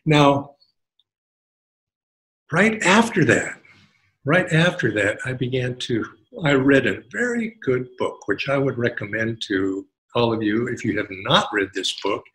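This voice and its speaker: A man giving a devotional talk as a spiritual teacher, telling a personal story in an animated way. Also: medium pitch, a little slow, rough recording. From United States. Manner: animated storyteller, acts out quotes in a raised voice.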